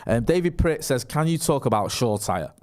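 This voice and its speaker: A man's voice: medium pitch, big pitch swings, normal speed, a little mellow. A man in his thirties co-hosting a casual live stream, chatting and reading out viewer comments with frequent laughs. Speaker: podcast co-host reading live chat.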